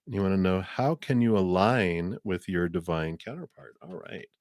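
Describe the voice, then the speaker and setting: Male tarot reader on a live stream, low voice, chatty and reflective, dry close sound. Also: normal speed, darkish tone, no echo. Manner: chatty, reflective, frequent fillers and restarts.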